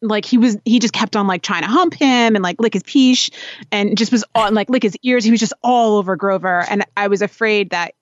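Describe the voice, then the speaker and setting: A woman co-hosting a casual podcast chat, rambling through stories with plenty of fillers. Her voice sits at a middling pitch and the sound is dry and a bit dull and lo-fi. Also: brisk, no room sound. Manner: chatty, animated storyteller with many fillers. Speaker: podcast co-host.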